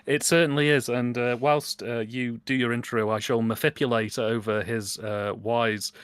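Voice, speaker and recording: A man's voice: mid-range voice, little pitch movement, normal speed, clear, resonant tone, no echo. A man from England with a British accent, chatting casually on a livestream with playful, mock-pompous wordplay. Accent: British English. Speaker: guest co-host.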